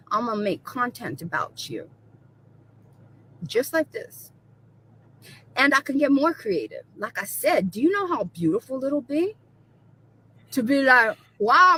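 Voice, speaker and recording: A woman's voice: sits high, a bit bright, poor audio. A woman ranting to camera in a mocking, defiant and profane way. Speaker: video creator being reacted to. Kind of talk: angry rant to camera.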